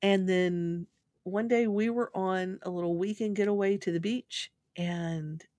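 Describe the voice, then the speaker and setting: A woman's voice: medium pitch, a little slow, no room sound, clean studio sound. Chatty woman telling a story. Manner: rambling, animated when telling a funny story. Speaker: guest. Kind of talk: casual storytelling.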